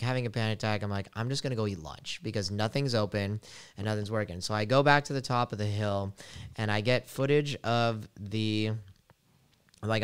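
A young man hosting a podcast, telling a travel story in an animated, casual way with lots of fillers. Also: fairly low pitch. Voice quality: very clear voice.

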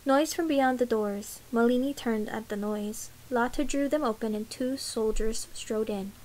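A woman reads a novel aloud in a measured, quiet way. Her voice sits a little high and even, unhurried from line to line. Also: a little hiss or hum, low-quality recording. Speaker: audiobook reader.

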